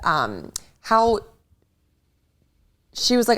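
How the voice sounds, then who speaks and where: A woman, co-hosting a chatty podcast. Her voice sits a little low, then jumps up whenever she acts out what others said. She tells gossip in a lively, casual way. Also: normal speed. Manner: animated storyteller, acts out quotes with rising pitch. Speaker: podcast co-host.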